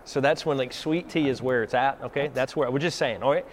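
A man's voice: mid-range voice, a little fast. Southern man, co-host of a faith talk, homespun analogies, easygoing delivery, light background noise. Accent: Southern American. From Southern United States. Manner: folksy, uses homespun analogies. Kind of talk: casual faith discussion.

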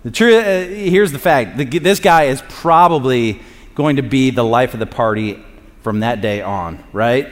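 A man's voice: mid-range voice, unhurried, in a large hall. A man preaching a sermon in a casual, joking way, acting out quotes. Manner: conversational and joking, acts out quotes. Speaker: pastor.

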